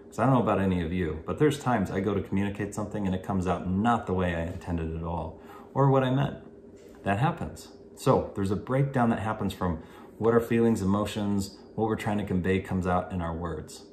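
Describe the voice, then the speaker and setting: A man giving an instructional talk on listening skills to parents, in a measured, explanatory way. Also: lowish voice, darkish tone. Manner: measured, explanatory, gives spoken examples. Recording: echoey room with faint hiss.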